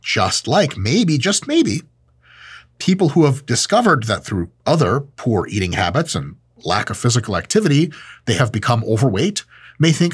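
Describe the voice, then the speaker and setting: A man giving a casual, science-minded talk with a joking, irreverent streak. His pitch swings widely as he talks, keeping the delivery lively. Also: moderate pace, slightly rough. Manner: jokey, irreverent, animated. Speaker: host.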